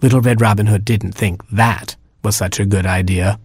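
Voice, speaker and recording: A man narrating a children's story in a lively, playful reading style. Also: on the low side, normal speed, few pauses, slightly rough, no room sound.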